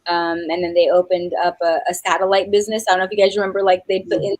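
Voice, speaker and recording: A woman's voice: on the low side, level tone, fast talker, darkish tone, dry recording, rough recording. A middle-aged woman from New Mexico, a singer chatting as a guest in an interview, rambling with lots of fillers and restarts and laughing easily. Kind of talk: casual interview chat.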